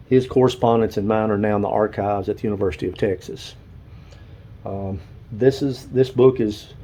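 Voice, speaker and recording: A man's voice: on the low side, mellow, low-quality recording. An older man, casually showing photos and books, rambling and stopping to recall names. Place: dark room at home.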